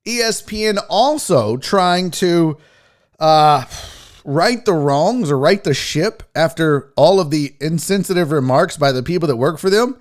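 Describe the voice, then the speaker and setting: A brash, profane man from the American South hosts a casual sports talk livestream, joking with viewers. His pitch swings widely and animatedly as he talks. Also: expressive, a little slow. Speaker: sports talk show host.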